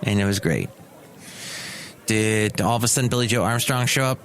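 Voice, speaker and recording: A man's voice: on the low side, moderate pace. A man hosting his own podcast, talking alone in a rambling, sarcastic, self-mocking way. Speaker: podcast host. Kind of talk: casual solo podcast monologue. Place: small cafe studio.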